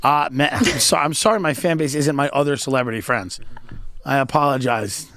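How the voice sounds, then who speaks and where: A man hosting a comedy podcast, telling stories in animated rants with frequent restarts. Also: mid-range voice, brisk.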